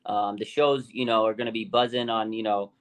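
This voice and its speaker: A man hosting a casual sports podcast, talking in an animated, slangy way with many fillers and restarts. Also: on the low side, brisk, clear, resonant tone. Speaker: podcast host.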